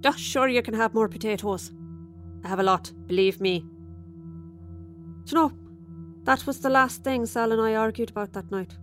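A woman's voice: on the high side, moderate pace, pauses often, a bit bright, faint music behind, close to an everyday voice. A woman performing a dramatic monologue as a chatty, tipsy Irish widow who confides over dinner, with sudden flashes of resentment. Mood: confiding. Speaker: storyteller.

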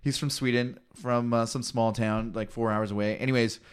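Ein Mann aus Kanada, der als Podcast-Co-Host locker plaudert und seine Geschichte mit viel Fluchen und lebhaft nachgespielten Zitaten erzählt. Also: male voice, mid-range voice, moderate pace, clean tone. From Canada. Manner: swearing storyteller, animated quoting. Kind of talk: casual chat.

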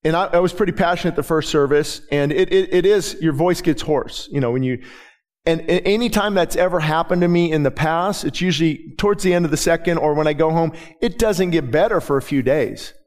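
Man, preacher, middle-aged, slightly high voice, chatty sermon full of restarts. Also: fairly quick. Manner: conversational storytelling with many restarts.

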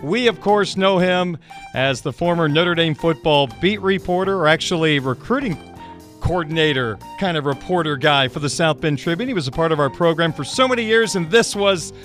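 A man hosting a sports radio show, reading off scores and plugs in a brisk broadcast delivery. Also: a little high, lively intonation, a bit bright, faint music behind.

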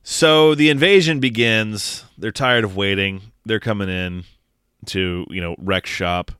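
Podcast co-host, deep smooth male voice, profane joking recapper, dry close sound. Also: steady tone, a little slow, a bit bright, no room sound. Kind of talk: casual movie review chat.

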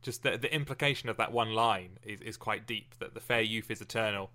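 Man, podcast co-host, casual chat, lively, bright voice. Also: fairly low pitch, fairly quick. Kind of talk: casual chat about poetry.

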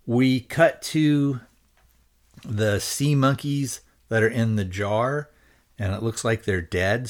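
Man casually recapping a film. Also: lowish voice. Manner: rambling, hedging with fillers and restarts. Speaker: podcast host reviewing a film.

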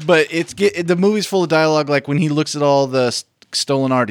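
Joking man, somewhat high voice. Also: steady tone, brisk, no room sound, clean studio sound. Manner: joking, crude, riffs on hypothetical lines. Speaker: podcast co-host. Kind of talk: casual movie review chat.

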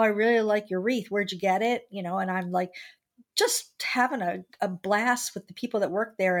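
Middle-aged woman in an interview, candid and reflective, just telling her story straight. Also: medium pitch.

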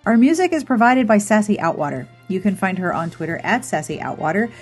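A woman hosting a podcast, talking casually and playfully as she wraps up the episode. Her voice is a little breathy, and soft music plays quietly behind her. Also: medium pitch, very animated, fairly quick. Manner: chatty and playful, giggles at her own jokes. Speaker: podcast host.

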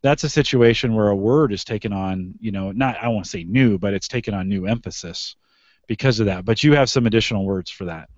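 A man's voice: lowish voice, fairly quick, no echo, lo-fi sound. A man hosting a podcast, asking lots of curious questions in a casual chat and laughing often. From United States. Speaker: podcast host.

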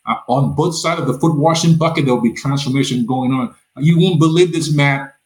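A man's voice: on the high side, brisk, rough recording. A middle-aged man from Nigeria, telling his life story as an interview guest. He acts out the voices of the people he quotes and often repeats words as he talks.

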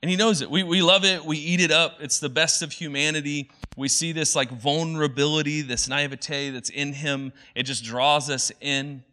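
Bright-voiced pastor, chatty and playful. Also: male voice, on the high side, steady tone, normal speed, hardly any pauses. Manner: chatty, many fillers, quoting movie lines in playful voices. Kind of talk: casual conversational sermon.

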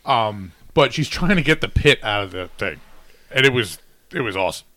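A man's voice: fairly low pitch, animated, moderate pace, bright, forceful tone, dry recording. A man chatting casually and telling stories as a podcast co-host. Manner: chatty, storytelling. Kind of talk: casual chat.

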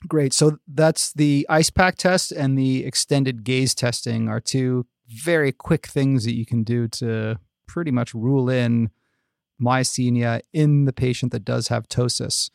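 A man's voice: medium pitch, creaky, a little mellow, no room sound, clean studio sound. A male host summing up and asking a guest doctor questions in a podcast interview. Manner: sums up and asks questions, laughs easily.

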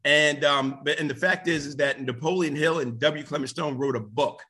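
A man giving a live motivational talk to an audience, energetic and rambling, with many restarts and sudden excited outbursts. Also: moderate pace, breathy edge. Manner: energetic, jumps to high excited shouts. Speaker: motivational speaker.

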